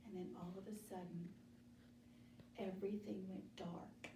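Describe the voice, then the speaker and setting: Slow-paced woman telling a Bible story. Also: on the low side, little pitch movement, noisy background. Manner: slow, deliberate storytelling, asking children questions. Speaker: children's Bible study teacher. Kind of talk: storytelling a Bible lesson to children. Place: church room. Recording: echoey room, mic at a distance.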